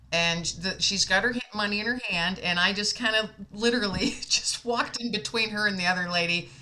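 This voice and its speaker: A woman's voice: mid-range voice, bright, forceful tone. An American woman telling a heartfelt personal story in casual conversation, emotional and laughing often.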